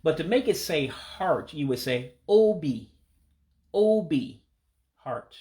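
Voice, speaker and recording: A man who speaks English as his first language gives a casual vocabulary lesson, repeating each word slowly and pronouncing it carefully. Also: a little high, lively intonation. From United States. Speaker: language learner teaching vocabulary.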